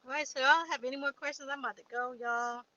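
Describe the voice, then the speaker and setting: Bright-voiced woman on lo-fi livestream. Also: sits high, steady tone, fast talker, a little hiss or hum. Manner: chatty, reads viewer comments aloud and replies. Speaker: livestream host answering viewer questions. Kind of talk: casual live chat.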